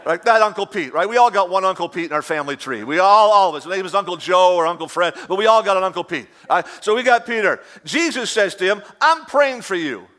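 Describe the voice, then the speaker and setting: A man's voice: high voice, fast, few pauses, a bit bright. A man preaching a sermon, emphatic and repetitive, mixing in humorous asides. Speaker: pastor.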